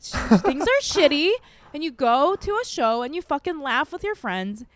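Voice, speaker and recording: A woman's voice: high voice, sing-song, moderate pace, a bit bright, slight background noise. A woman co-hosting a podcast in casual chat, rambling with lots of swearing and filler words. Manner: rambling, heavy swearing, constant "like". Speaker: podcast co-host.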